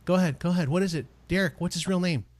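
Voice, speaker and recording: A man co-hosting a podcast in casual banter, playful and quick to laugh. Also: high-pitched, dry recording. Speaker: podcast co-host. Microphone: studio mic.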